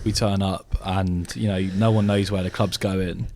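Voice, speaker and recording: A man's voice: low voice, level tone, moderate pace, a little mellow, slight background noise. A drunk man co-hosting a podcast in casual chat, talking in a loose, rambling way. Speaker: podcast co-host.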